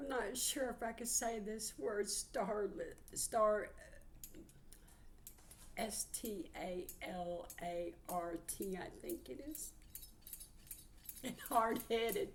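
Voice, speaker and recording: A woman's voice: mid-range voice, a little mellow, slight background noise. A woman, giving a heartfelt channeled psychic reading. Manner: heartfelt, earnest, relays messages.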